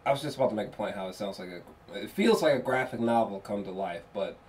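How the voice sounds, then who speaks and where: A man giving a casual spoken film review, rambling and excitable, with lots of fillers and restarts and free swearing. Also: fairly low pitch, fast, slight background noise. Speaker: movie reviewer.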